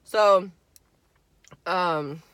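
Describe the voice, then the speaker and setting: A woman's voice: fairly low pitch, extremely slow, a bit bright, clean tone. A young woman vlogger chats through a story while she eats, loose and profane. She acts out her friends' lines with plenty of animation. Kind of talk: casual storytime while eating.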